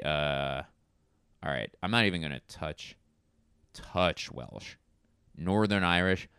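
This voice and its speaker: A man's voice: sits low, a bit bright, clear, resonant tone, no echo, studio quality. A man casually riffing on accents in a rambling, crude manner, often laughing at himself. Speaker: comedy video host.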